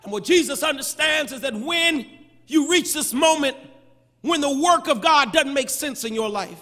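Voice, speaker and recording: Man preaching a sermon, high voice, big long church echo. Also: lively intonation, moderate pace. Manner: shouting, sing-song preaching cadence with humor. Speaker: pastor. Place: large church sanctuary.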